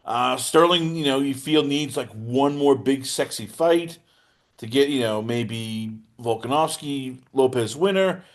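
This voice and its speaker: A male podcast host in casual chat, animated and teasing. He jokes with his guest, and his voice jumps high and loud, then drops low. His pitch sits in the middle range for a man. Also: measured pace. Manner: animated, jokey, teasing, swings in pitch and loudness.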